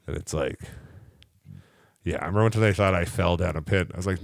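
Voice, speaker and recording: A man co-hosting a radio show, rambling and joking in casual chat, often trailing off softly. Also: low-pitched, quick pace, gravelly, long pauses, no room sound, clean studio sound.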